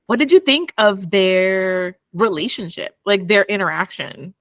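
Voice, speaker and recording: A woman's voice: medium pitch, measured pace, no echo, clean studio sound. A young woman co-hosting a book club podcast, chatting casually with friends and laughing often. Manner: animated, laughs often, excitable. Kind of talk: casual chat.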